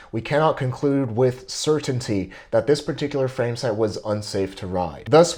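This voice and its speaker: Young guy bike vlogger, reads out his argument point by point, steady and deliberate. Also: mid-range voice. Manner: measured, deliberate, builds logical arguments step by step. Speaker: bike video host. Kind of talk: scripted argumentative commentary.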